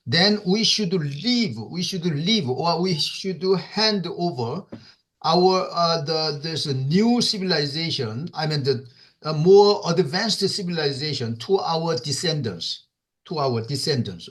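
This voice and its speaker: A man with a Korean accent teaching an English class online. He repeats words often, fills pauses with "uh", and checks in with "okay?". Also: on the high side, fairly bright tone. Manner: slow, repeats words, many fillers, asks "okay?".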